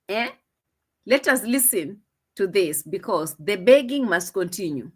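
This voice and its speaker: A woman's voice: mid-range voice, lively intonation, slow, pauses often, slightly rough. A woman with a Swahili accent, chatting casually as she reacts to a video, teasing and repeating herself. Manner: chatty, teasing, repeats phrases, laughs often. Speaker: reaction commentator.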